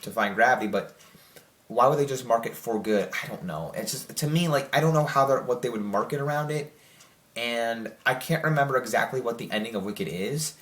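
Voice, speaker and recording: A young man giving a casual spoken movie review, rambling with many fillers and restarts. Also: on the low side. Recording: echoey room.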